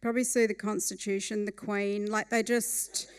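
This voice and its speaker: A woman telling a funny true story at a live storytelling night, with a wry and lively manner. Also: mid-range voice, moderate pace, clean tone.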